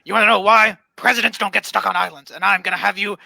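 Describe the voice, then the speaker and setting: A man's voice: high voice, steady tone, quick pace, creaky, sharp tone, dry recording, heavily acted, rough recording. A man playing a scheming, disgraced former president in a comedy sketch, rambling and stammering.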